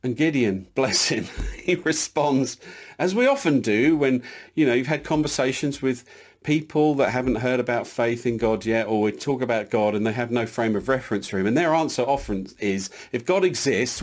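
A male preacher with a mid-range voice delivers his sermon earnestly. He stresses his points with rising emphasis. He stumbles now and then as he reads scripture aloud. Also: moderate pace. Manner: earnest, emphatic, builds in lifts of pitch.

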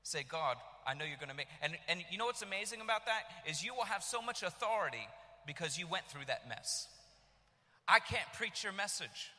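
A man in his thirties from the United States preaching a sermon, telling his story with animated bursts of shouting. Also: high-pitched, brisk. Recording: long reverb of a large hall.

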